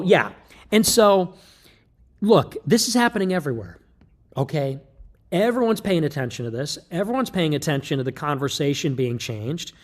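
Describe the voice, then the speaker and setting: A man giving a rambling livestream monologue, breaking off mid-thought and starting again with quick asides. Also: fairly high pitch. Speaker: political streamer.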